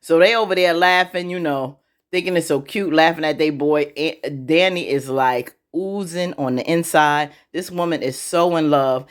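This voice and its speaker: A woman vlogger talking in an animated, slangy, chatty way, with a voice sitting a little low for a woman. She bounces between her own commentary and acted-out character bits. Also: normal speed. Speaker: vlogger recapping a TV episode. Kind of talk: casual chat.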